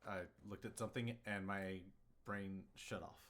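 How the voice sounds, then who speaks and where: A man's voice: low-pitched, little pitch movement, normal speed, a bit bright. A man hosting a stream and running a tabletop game as game master, talking in a laid-back way with chuckles and loose restarts.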